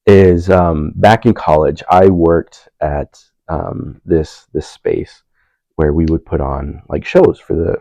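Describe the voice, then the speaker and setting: A man's voice: low voice, vocal fry, dark tone, dry recording, poor audio. A young man on a panel telling a personal story in a laid-back, self-mocking way, laughing often. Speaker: panel speaker.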